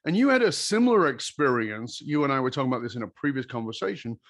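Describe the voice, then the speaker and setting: A man's voice: medium pitch, expressive, fast, no room sound. A man hosting a podcast interview, asking questions and adding dry joking asides. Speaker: podcast host.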